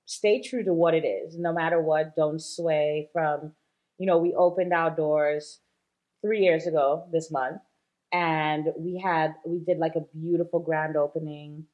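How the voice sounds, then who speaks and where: A woman's voice: sits low, fairly even intonation, measured pace, narrow, tinny audio. A woman guest in a casual interview, a shop owner talking chattily with many fillers and easy laughs.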